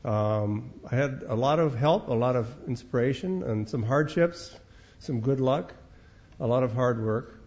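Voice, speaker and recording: An older man from Minnesota gives a storytelling lecture, wry and unhurried, often repeating words as he goes. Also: medium pitch, darkish tone, lo-fi sound. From Minnesota, United States.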